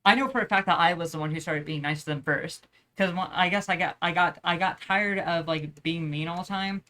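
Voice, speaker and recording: Young woman, casual vlog storytelling, profane, slangy, somewhat low voice. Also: brisk, fairly bright tone. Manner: profane, slangy, lots of filler words. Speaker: vlogger.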